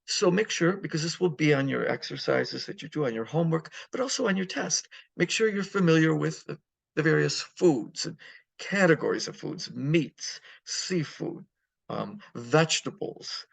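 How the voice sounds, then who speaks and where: A middle-aged man teaching a recorded Spanish lesson in a relaxed, halting way with many fillers. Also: a little high, gravelly, breathy edge. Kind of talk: recorded language lecture.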